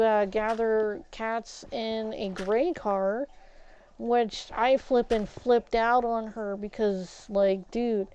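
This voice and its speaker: A woman streaming a game while telling a story in a casual way, getting loud and worked up as she recounts an argument and swapping curse words for "flip". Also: a little high, clean tone, no echo, muffled recording. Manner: animated, gets loud and agitated retelling a confrontation, swaps curses for "flip".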